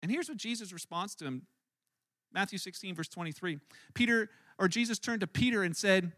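Man, pastor giving a sermon, high-pitched, bright and sharp, animated storytelling, repeats words, dry close sound. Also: fairly quick, no room sound. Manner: animated storytelling with frequent word repeats and restarts.

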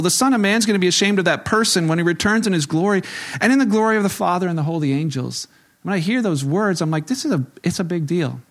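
A middle-aged man with a noticeably high voice delivers a sermon in a relaxed, conversational way. He tells anecdotes from the pulpit and slips into the voices of the people he quotes. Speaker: pastor.

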